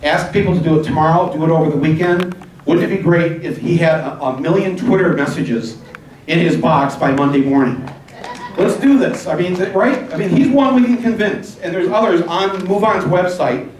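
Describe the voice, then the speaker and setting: Male town hall host, urging and rambling, a little high-pitched, recorded from across an echoey hall with faint hiss. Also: recorded from a distance. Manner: rambling, urging, spells out addresses slowly. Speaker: event host. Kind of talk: addressing a live town hall audience. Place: large hall with audience.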